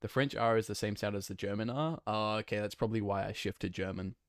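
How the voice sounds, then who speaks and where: Playing a block-building game on stream, a man chats with viewers in a loose, rambling way, often using fillers and correcting himself. He talks quickly in a fairly low voice, and the studio sound is clean with no echo.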